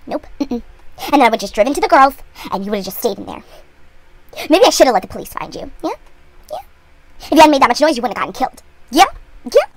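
A woman's voice: high-pitched, very animated, fast, long pauses. A woman playing a muttering, unraveling young woman. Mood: taunting. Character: young woman quietly unraveling, taunting, guilt-ridden.

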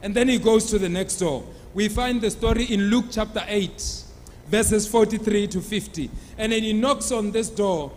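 High-voiced preacher in a reverberant church. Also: male voice, normal speed, darkish tone, a little hiss or hum. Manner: dramatic storytelling, acting out characters. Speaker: pastor. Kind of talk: sermon with acted Bible story voices. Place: church hall. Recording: long church hall reverb.

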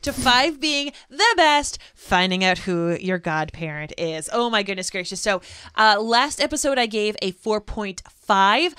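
A woman in her forties from New England, hosting a casual podcast recap in an animated, playful way. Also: mid-range voice, a little slow, clear, resonant tone, no echo, clean studio sound. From New England, United States. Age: 40s. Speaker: podcast host.

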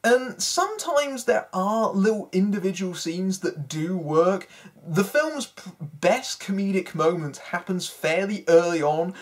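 A film critic giving a spoken review in a sarcastic, exasperated manner. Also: medium pitch.

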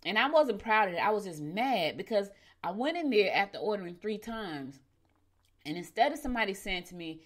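A middle-aged woman hosting a morning show. She tells stories casually, often calls her listeners "y'all," and her voice jumps suddenly in pitch and loudness. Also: big pitch swings, fairly quick. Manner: chatty, addresses listeners as "y'all". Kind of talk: casual storytelling and horoscope reading.

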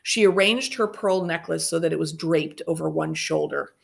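A woman reads a children's chapter book aloud with steady, clear narration. Her voice sits on the low side with a gravelly fry. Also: normal speed. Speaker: reader.

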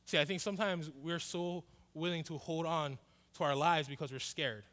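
Animated pastor in a reverberant hall. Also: male voice, fairly high pitch, moderate pace. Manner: animated, acts out both sides of dialogue. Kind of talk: storytelling sermon. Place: church hall.

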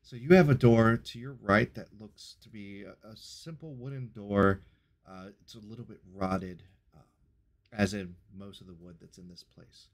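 A man's voice: lowish voice, moderate pace. A man running a tabletop game as game master, describing rooms and doors with a few hesitations. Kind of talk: narrating a tabletop game on a live stream.

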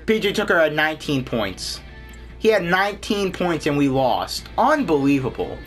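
A young man commentating his own basketball gameplay, excitable, complaining and yelling at the game. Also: on the high side, a little slow, soft background music. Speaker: gaming YouTuber.

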